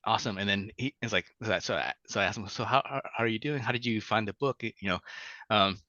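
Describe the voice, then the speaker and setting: A man's voice: on the low side, sharp tone, no room sound. A man, a children's book author, telling stories in a casual interview, stumbling over restarts and fillers. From Vietnam. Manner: halting, many restarts and fillers, laughs easily. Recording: dull lo-fi sound.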